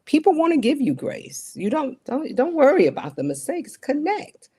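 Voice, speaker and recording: A woman's voice: sits high, huge pitch swings, normal speed, mellow. A middle-aged woman, a television broadcast journalist, talking in an interview in an earnest, emphatic way that repeats its key points. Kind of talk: interview conversation.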